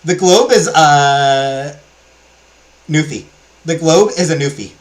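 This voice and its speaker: A man's voice: on the high side, slow, low-quality recording. A man hosting a let's play, chatting casually and enthusiastically with many fillers as he talks through a game.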